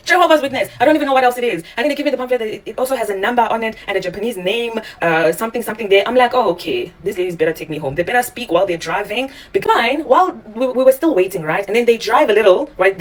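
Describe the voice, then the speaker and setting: Animated, fast-talking woman. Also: a little high, distant mic. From South Africa. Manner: animated, acts out the dialogue in her story. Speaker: teacher living in Japan. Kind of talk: storytelling vlog.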